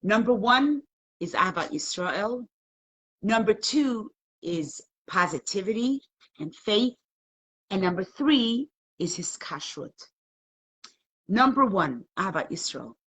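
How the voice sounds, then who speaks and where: Middle-aged woman teacher, husky voice, lively pitch, emotional, asks her online viewers questions. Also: takes it slowly. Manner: emotional, questioning the audience, storytelling. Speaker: Torah class teacher. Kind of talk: live online class talk.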